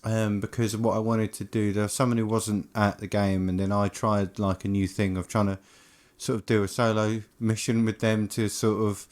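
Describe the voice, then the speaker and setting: A man's voice: fairly low pitch, normal speed, hardly any pauses. A man co-hosting a gaming podcast, chatting easily and agreeing along. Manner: relaxed, agreeable, laughs along. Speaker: podcast co-host. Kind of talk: casual chat.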